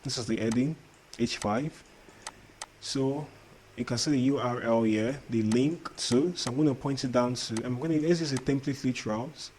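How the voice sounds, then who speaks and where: Sharing his screen, a man teaches coding in a non-native English accent at a normal pace, going over things repeatedly and frequently asking viewers whether they understand. His mid-range voice sounds slightly mellow, over a faint hiss or hum.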